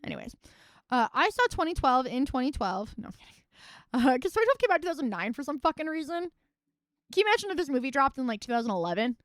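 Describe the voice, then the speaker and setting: A woman's voice: high voice, very animated, quick pace, no room sound, clean studio sound. A young woman streaming live, chatting casually and wryly about films, rambling and swearing freely. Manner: rambling, profane and wry.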